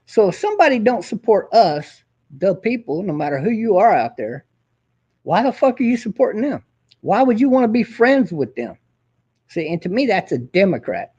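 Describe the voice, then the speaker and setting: A man's voice: high-pitched, dark tone, breathy edge, muffled recording. A man hosting his own show, ranting in a profane, combative and boastful way. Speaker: host. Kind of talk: casual ranting monologue.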